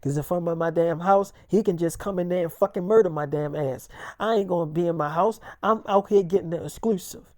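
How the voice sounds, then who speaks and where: A woman's voice: lowish voice, brisk, hardly any pauses, warm tone, no room sound, clean studio sound, voice pushed down, close to an everyday voice. A pushy young podcaster woman, as a storyteller puts her on.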